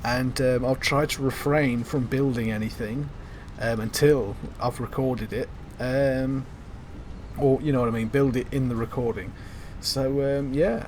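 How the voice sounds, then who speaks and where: A young man chatting casually while he plays a video game. His talk rambles along with lots of ums and a few swear words, in a middle-pitched voice. Faint noise sits behind him. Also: moderate pace, a little mellow. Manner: rambling, filler-heavy, sweary. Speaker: gaming channel host. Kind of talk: casual gameplay commentary.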